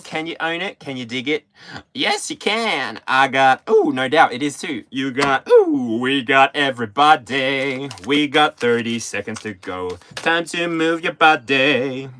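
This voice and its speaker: A man's voice: on the high side, sing-song, measured pace, sharp tone. An Australian man hosting a tarot livestream, chatting playfully and breaking into snatches of song. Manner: playful, sings snatches of songs between remarks. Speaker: tarot reader, livestream host. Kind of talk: casual livestream chat with singing.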